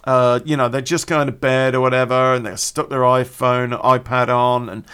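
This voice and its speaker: A man's voice: medium pitch, flat delivery, fairly quick, hardly any pauses, a bit bright, clear, resonant tone. Chatty rambling male podcast host. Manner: rambling, chatty, laughs at his own jokes. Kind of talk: casual storytelling podcast intro.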